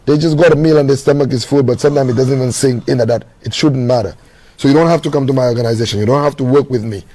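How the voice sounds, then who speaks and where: Fast-talking earnest man guest. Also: mid-range voice, mellow. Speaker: talk show guest, charity organizer. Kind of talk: casual talk show chat.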